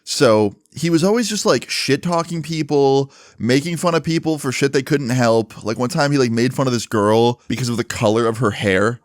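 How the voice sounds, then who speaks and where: A man casually telling a story from his school days, animated and swearing freely with lots of fillers. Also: mid-range voice, normal speed, hardly any pauses, no echo, studio quality.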